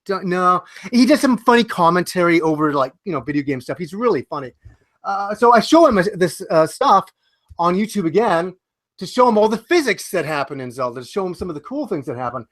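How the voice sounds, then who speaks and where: A man's voice: high-pitched, a little fast, no echo, studio quality. A man in his forties telling a casual podcast anecdote with a lot of swearing, acting out what people said. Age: 40s. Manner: animated anecdote with acted-out quotes, profane. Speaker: podcast panelist. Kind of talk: casual storytelling.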